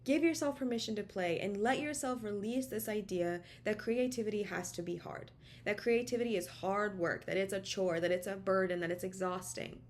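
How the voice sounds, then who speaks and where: A woman's voice: mid-range voice, normal speed, a little hiss or hum. A woman tarot reader giving a casual channeled message to camera from her home office, encouraging and emphatic, repeating words for stress. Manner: encouraging, repetitive, emphatic, chatty. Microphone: camera mic.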